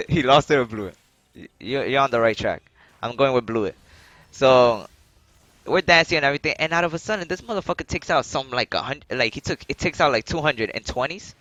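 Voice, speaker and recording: Animated young man telling a story. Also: fairly high pitch, no echo. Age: young adult. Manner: animated, profane, laughs while telling. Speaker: streamer. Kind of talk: casual storytelling on a live stream.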